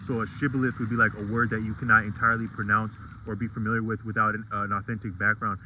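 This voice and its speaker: A man's voice: fairly low pitch, flat delivery, quick pace, bright, forceful tone, slight background noise, low-quality recording. A man talking through a casual vlog monologue, digressive and full of restarts and fillers. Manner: rambling and digressive, many restarts.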